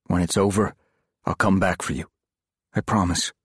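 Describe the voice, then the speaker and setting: A man's voice: deep voice, steady tone, normal speed, husky, dry recording, studio quality. A man reading aloud, voicing a former priest who acts as a tense, protective mentor, firm and commanding. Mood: urgent.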